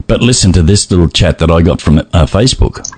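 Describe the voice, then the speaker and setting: A man hosting a podcast in casual chat, animated and often laughing as he reads messages aloud. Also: deep voice, fast, breathy edge. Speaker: podcast host.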